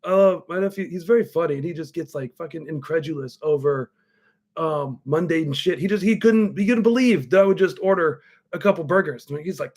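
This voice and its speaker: A man's voice: fairly high pitch, a little fast. Profane, rambling middle-aged man. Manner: drinking a cocktail while talking. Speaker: podcast host. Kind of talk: casual live-stream chat.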